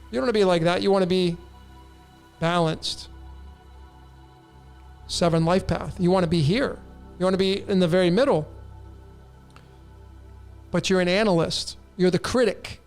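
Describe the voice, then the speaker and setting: High-voiced gravelly man, blunt and emphatic. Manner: blunt, emphatic, addresses listeners directly. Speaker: host answering viewer questions. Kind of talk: numerology monologue.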